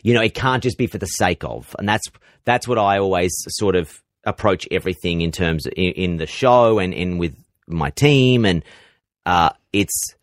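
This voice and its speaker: Australian man, lowish voice, dry close sound, animated, many restarts. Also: moderate pace, no echo. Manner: energetic, many restarts and repeated words. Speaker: nightly radio presenter. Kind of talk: interview answers. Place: radio station office.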